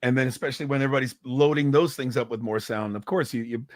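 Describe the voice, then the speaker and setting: A man's voice: mid-range voice, quick pace, no room sound, studio quality. A man in his fifties, a singer and guest, telling stories in a casual chat over a video call, often repeating words as he starts a thought. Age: 50s. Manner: animated storyteller, repeats words when starting.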